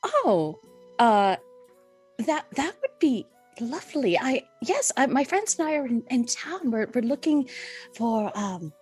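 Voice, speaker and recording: A woman's voice: sits high, big pitch swings, measured pace, darkish tone, husky, faint music behind, exaggerated voice. A woman voicing a sweet, awkward character who stammers and tries to make friends in a tabletop game.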